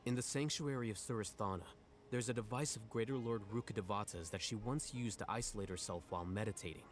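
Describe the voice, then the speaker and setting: An actor voicing a calm, aloof male scholar in video game dialogue, measured and matter-of-fact. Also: fairly low pitch, faint music behind, lightly acted. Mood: explaining. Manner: measured, dry and composed.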